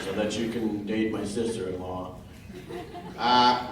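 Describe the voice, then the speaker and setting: A man's voice: on the low side, fairly even intonation, measured pace. A man on a convention panel teasing the audience with sarcastic, profane improvised banter. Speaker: comedic voice actor on a convention panel. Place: large convention hall. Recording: echoey hall, distant mic, noisy.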